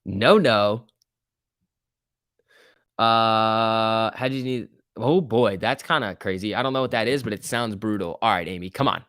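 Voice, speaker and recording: Chatty young man livestreaming, low voice. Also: measured pace, fairly bright tone, no room sound, clean studio sound. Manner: chatty, reacts to chat and price moves, cheering the chart on. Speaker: stock market livestream host. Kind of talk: casual live-stream chat reading viewer comments.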